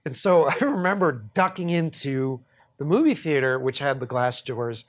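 This male podcast host, medium-pitched and moderately paced, narrates a story animatedly, swears freely and keeps breaking into laughter.

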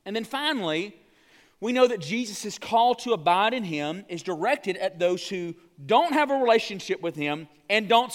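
High-voiced pastor preaching. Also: male voice. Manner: earnest, addresses the congregation directly; slows down on key phrases. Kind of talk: sermon.

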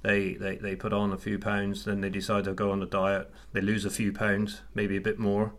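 A man's voice: on the low side, completely flat delivery, normal speed. A middle-aged man co-hosting a podcast, chatting casually with frequent restarts. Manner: chatty, hesitant with many restarts. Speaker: podcast co-host. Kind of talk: casual chat.

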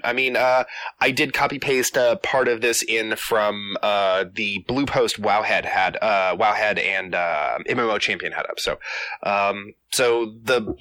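A man hosting a gaming podcast, speaking casually in a relaxed, hesitant way with many fillers. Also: mid-range voice, no echo. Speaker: podcast host.

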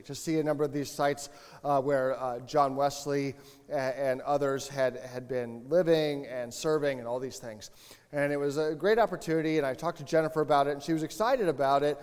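Male pastor, easygoing sermon delivery, self-correcting, a touch high-pitched, in a reverberant sanctuary. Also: clean tone. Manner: chatty, relaxed, frequent self-corrections and asides. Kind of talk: conversational sermon.

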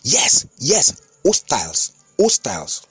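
A man's voice: medium pitch, big pitch swings, takes it slowly, slightly rough, no room sound, soft background music, full character voice. A man voicing an earnest male Nigerian security chief with a southwestern Nigerian accent who repeats himself insistently. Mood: excited.

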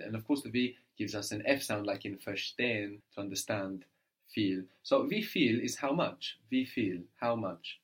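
A man's voice: on the low side, normal speed. A man giving a one-on-one language lesson, patient and prompting, often checking understanding with a questioning "no?". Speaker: language teacher.

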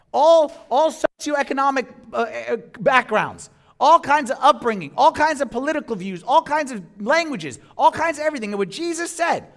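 A male priest delivers a sermon to a congregation in an unusually high voice. His pitch swings widely as he preaches with animation, putting questions to the room and repeating his key points. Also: a bit bright. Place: church before a congregation.

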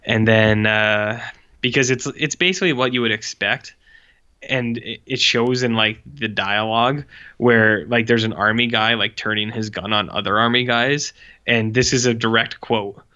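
A man's voice: on the low side, fairly even intonation, moderate pace, bright, forceful tone, smooth, lo-fi sound. A man casually chatting as a podcast co-host, rambling and sarcastic with lots of "like". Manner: rambling, sarcastic, heavy use of "like". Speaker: podcast co-host reviewing short films. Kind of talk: casual chat.

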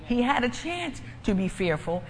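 A woman's voice: fairly high pitch, very animated, moderate pace. A woman preaching and giving a personal testimony in an emphatic, repetitive, conversational way. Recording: echoey hall, faint ambient noise.

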